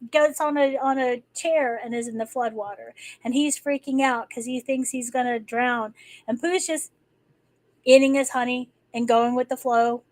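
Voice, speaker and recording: A woman's voice: high-pitched, no echo, low-quality recording. A woman hosting a live stream, talking casually and rambling, with many restarts and fillers. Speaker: livestream host. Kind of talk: casual spoken talk.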